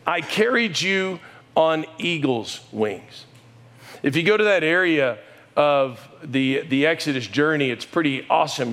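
A middle-aged man, a pastor and coach, preaching a sermon with animated storytelling and sudden raised exclamations. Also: a little high. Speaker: pastor and high school coach.

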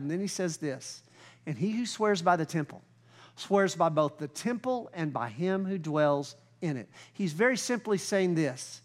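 A pastor preaching a sermon, reading scripture slowly and rising in volume when he gets fired up. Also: fairly high pitch, lively intonation.

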